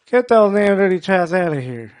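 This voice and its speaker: A cranky old-timer from the American South grumbles with a thick twang and gruff indignation, as a stand-up comic puts him on. His complaint comes out in a slightly raised, huffy voice. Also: sits high, sing-song, moderate pace, darkish tone, pitched above the performer's own voice. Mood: indignant. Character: grumbling bigoted Southern man.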